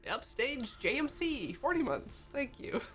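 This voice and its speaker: A woman's voice: sits high, sing-song, a little slow, a bit bright, faint music behind. A woman co-hosting a stream in casual chat, reading subscriber thanks and laughing often. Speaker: stream co-host.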